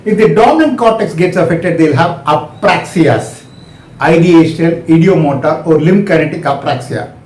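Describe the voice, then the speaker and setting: A man's voice: fairly high pitch, animated, normal speed, a little mellow, echoey room, low-quality recording. A man with an Indian English accent giving a step-by-step medical lecture, asking and answering his own questions.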